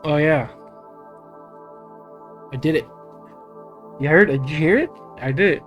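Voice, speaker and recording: Male let's play host, rambling and emotional, mid pitch, clear guitar music behind. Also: measured pace, a bit bright. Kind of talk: casual gameplay commentary.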